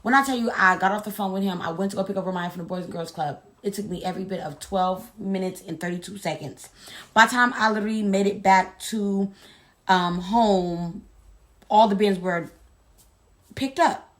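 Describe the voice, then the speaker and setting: A woman chatting casually to her viewers, retelling a story in an animated, sassy way. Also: medium pitch. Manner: animated, sassy, drawn-out dramatic retelling with asides like "baby". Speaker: storyteller vlogger.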